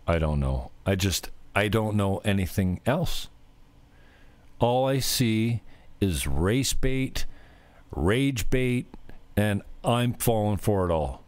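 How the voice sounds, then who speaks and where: A man's voice: lowish voice, lively intonation, slow pace, darkish tone, no echo. A man vlogging a casual, rambling rant, swearing often and sounding exasperated.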